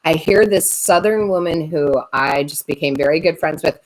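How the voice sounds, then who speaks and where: A woman tarot reader and medium chatting on a live stream, animated and laughing often as she tells stories to her viewers. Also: low-pitched, normal speed, rough recording. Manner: chatty, animated, laughs a lot while talking.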